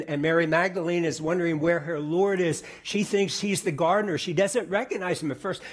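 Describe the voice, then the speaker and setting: Husky middle-aged male preacher. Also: high-pitched. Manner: conversational preaching, repeats words, drops to soft quiet tones. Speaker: pastor. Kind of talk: sermon.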